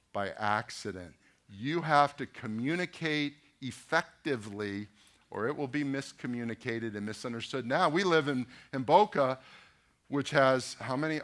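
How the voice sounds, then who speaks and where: Storytelling pastor, middle-aged man. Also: medium pitch. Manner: storytelling, animated anecdotes with quoted dialogue; addresses audience directly, rhetorical questions. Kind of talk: talk at a business luncheon.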